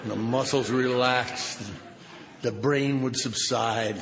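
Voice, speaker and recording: An older man speaking at a recovery conference, telling a wry story that swings from loud outbursts to hushed asides. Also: medium pitch, steady tone, slow. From Southern California. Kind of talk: recovery meeting talk with humor. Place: large conference hall. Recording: reverberant hall, noisy live recording.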